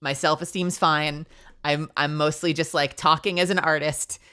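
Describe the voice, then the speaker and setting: A woman's voice: deep voice, normal speed, clean tone. Chatty young woman streamer, stuffy nose. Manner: chatty, rambling, animated, fillers of "like". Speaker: VTuber streamer. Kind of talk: casual chat with stream chat.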